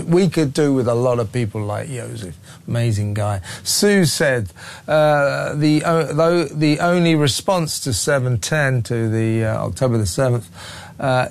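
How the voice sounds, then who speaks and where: A man hosting a phone-in talk radio show, reading out listener messages and giving blunt, opinionated views that rise into heated rhetorical questions. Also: medium pitch.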